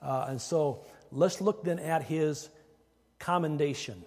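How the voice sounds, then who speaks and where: A man delivers a sermon from the pulpit, his voice sitting a little higher than most men's. He preaches in an easy, conversational way, doubling back and restarting his phrases. The sound carries a long reverb from the hall around him. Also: slow pace, darkish tone. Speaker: pastor.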